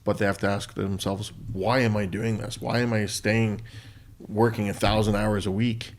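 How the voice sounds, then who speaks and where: A middle-aged man co-hosting a podcast, talking in a thoughtful, halting way with restarts. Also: lowish voice, level tone. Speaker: podcast co-host. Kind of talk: casual conversation.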